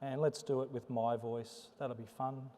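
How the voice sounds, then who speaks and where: At medium pitch and normal speed, a man delivers a live conference talk with a demo in a sing-song way. The presenter stays chatty, joking and animated, and the conference hall adds long reverb.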